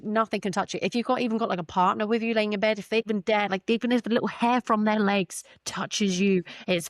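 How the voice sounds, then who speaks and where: Low-voiced sweary woman ranting. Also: dry recording, clean studio sound. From Britain. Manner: blunt, sweary, animated ranting. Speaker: podcast co-host. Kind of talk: casual chat.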